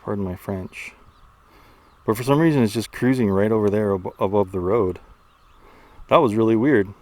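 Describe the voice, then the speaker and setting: A man doing excitable, casual commentary outdoors while flying and chasing a drone, out of breath at times. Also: lowish voice, normal speed. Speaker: drone reviewer. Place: outdoors among trees.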